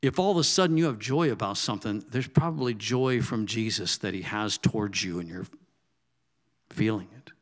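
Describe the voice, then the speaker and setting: A man preaching a sermon in a conversational way, asking the congregation direct questions and swinging between loud emphatic bursts and soft, low asides. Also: lively intonation, normal speed. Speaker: pastor.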